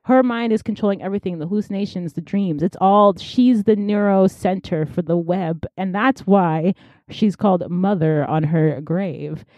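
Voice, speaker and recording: A woman chatting casually as she recaps a novel's plot, telling it with lively animation and frequent laughter. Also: mid-range voice, normal speed, no echo, muffled recording. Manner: animated storyteller, laughs often, acts out characters' lines. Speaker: book discussion co-host.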